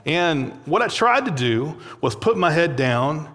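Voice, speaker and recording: A man's voice: a little high, big pitch swings, a little slow, fairly bright tone. A young man giving a sermon, telling a personal story in a loose, conversational way full of fillers and little laughs. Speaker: pastor. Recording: long hall reverb.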